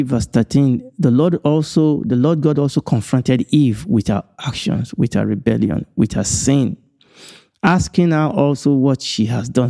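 A man's voice: mid-range voice, dark tone. A man giving a Bible teaching, stressing points through repetition and chuckling now and then. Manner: repetitive, emphatic phrasing with chuckles.

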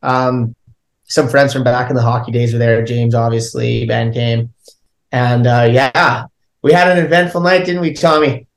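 A young man, a DJ and podcast co-host, chatting in a relaxed way and laughing often. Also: mid-range voice, moderate pace. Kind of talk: casual chat. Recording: echoey room.

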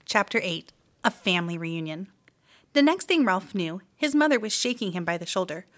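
A woman's voice: fairly low pitch, normal speed. Woman reading a children's chapter book. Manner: lively, expressive storytelling. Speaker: mystery reader.

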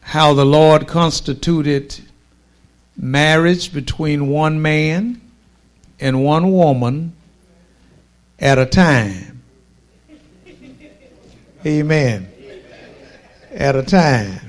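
A man preaching a sermon with a slow, drawn-out cadence, pausing for emphasis and delivering forceful declarations. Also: fairly high pitch.

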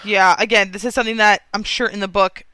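Podcast co-host, woman, chatty and self-deprecating, bright and smooth. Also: mid-range voice, steady tone, fast talker. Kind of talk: casual movie discussion podcast.

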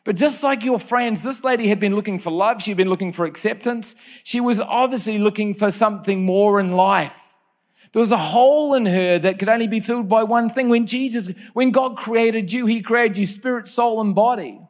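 A man preaching a sermon, earnest and personal, telling stories and correcting himself with quick asides. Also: high voice. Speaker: pastor.

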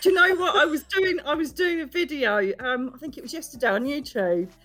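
A woman's voice: high voice, brisk, pushed and bright. A woman with an Essex accent, a guest on a chat podcast, effusive and laughing often as she talks. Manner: effusive, laughs often, calls people darling. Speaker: podcast guest, psychic medium. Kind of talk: casual chat.

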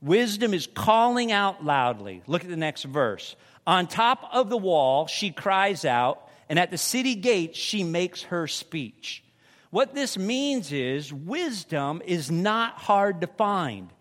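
Man, sermon, high voice, animated, acts out voices, long church-hall reverb. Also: takes it slowly. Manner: animated, acts out voices of people in his examples. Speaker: preacher.

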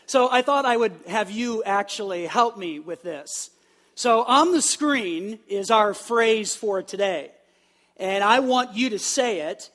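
A man preaching as a pastor to a live congregation, lively and leading them in call-and-response. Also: sits high, unhurried. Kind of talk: sermon. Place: church sanctuary with live congregation.

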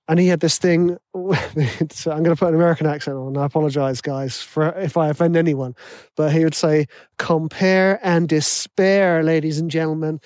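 A man's voice: on the high side, darkish tone, no echo, clean studio sound. A man talking casually and giving advice about writing music, chatty and self-deprecating. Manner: chatty, self-deprecating, acts out worried inner voices. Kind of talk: casual solo monologue.

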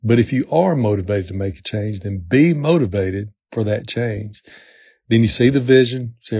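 Middle-aged male podcast host, mellow dark tone, earnest repetitive coaching, muffled lo-fi sound. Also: fairly low pitch, normal speed, breathy edge, no echo. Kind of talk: motivational podcast talk. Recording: dull lo-fi sound.

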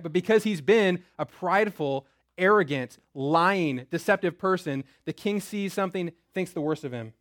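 A young man with a high voice walks listeners through a Bible story. He talks casually and keeps checking in with "right?". The sound is close and dry. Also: a bit bright, no echo. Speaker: Bible teacher. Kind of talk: lively Bible lesson.

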